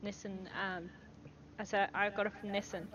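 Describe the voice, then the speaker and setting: A woman takes her turn in a tabletop game, speaking tentatively and often breaking into giggles. Her voice sits at a middle pitch. Faint noise hums underneath. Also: little pitch movement, moderate pace. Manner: tentative, with frequent um fillers and giggles. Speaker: player. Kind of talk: casual tabletop play.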